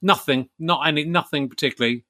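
A man's voice: a little high, quick pace, background noise. A man from Yorkshire, England, hosting a podcast in a chatty, self-mocking way. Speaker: podcast host. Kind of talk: casual podcast chat.

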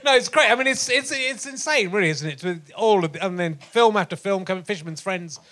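High-voiced man hosting with teasing asides. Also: animated, brisk, bright, forceful tone. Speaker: podcast host. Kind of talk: comedy interview chat.

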